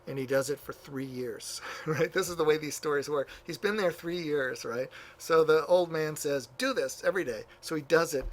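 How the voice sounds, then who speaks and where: A man teaching a church history class, telling a story casually with many fillers and asides. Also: a little high. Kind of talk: classroom lecture, retelling stories.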